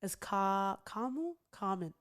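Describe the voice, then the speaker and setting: A woman's voice: medium pitch, animated, takes it slowly. Giggly, chatty woman podcast host. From outside the United States. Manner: chatty, many fillers and giggles. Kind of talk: casual chat.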